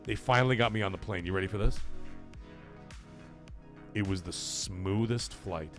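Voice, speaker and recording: A man hosting a live gaming stream, telling a story in a swearing, animated way, getting loud and then dropping quiet. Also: lowish voice, normal speed, over music. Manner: animated, profane, swings loud and soft for effect.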